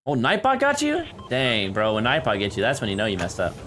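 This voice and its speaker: A man hosting a live-streamed game, chatting with a teammate and viewers, laughing often and excitable. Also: medium pitch, a little fast, noisy background. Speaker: streamer and gaming host. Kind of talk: live-streamed gameplay chat.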